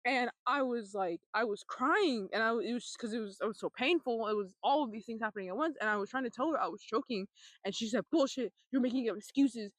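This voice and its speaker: A young adult woman vlogging a personal testimony, telling her story in a halting, rambling way with lots of fillers and swearing. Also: a little high, lively intonation, fairly bright tone, dry recording.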